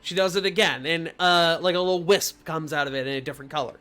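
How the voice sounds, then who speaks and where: A woman narrating a tabletop game as game master in a relaxed, halting way, with fillers. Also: low voice, faint music behind.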